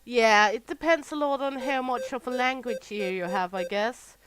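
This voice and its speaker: Chatty Danish woman, slightly high voice. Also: normal speed, a bit bright, clear, resonant tone, poor audio. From Southern Jutland, Denmark. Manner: chatty, rambling, laughs often. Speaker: gaming streamer. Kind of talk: casual chat while playing.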